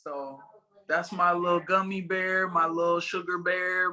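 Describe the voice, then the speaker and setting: Bright-voiced man rambling in an interview. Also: sits high, level tone, unhurried, slight background noise, rough recording. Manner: rambling, many fillers and restarts. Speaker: fighter interviewed as guest. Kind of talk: casual interview chat.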